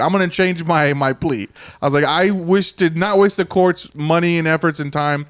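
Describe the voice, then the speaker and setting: A man's voice: a little high, brisk, hardly any pauses, a bit bright, no echo, clean studio sound. A man on a podcast, telling a story in casual chat and acting out what other people said, swearing often. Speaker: podcast co-host.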